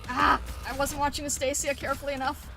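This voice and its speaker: A woman streaming a game, chatting excitedly with frequent laughs and gushing exclamations, and reading story dialogue aloud. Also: high-pitched, fast, gravelly, over music. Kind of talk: casual gameplay commentary, reading story lines aloud.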